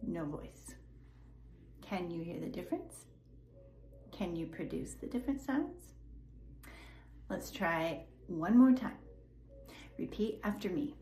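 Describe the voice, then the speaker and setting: A woman teaching English pronunciation, carefully drilling word pairs and sounds in a clear, encouraging way. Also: fairly low pitch, slow pace, pauses often, a little mellow, a little hiss or hum. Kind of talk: slow, clear pronunciation lesson. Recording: echoey room with faint ambience.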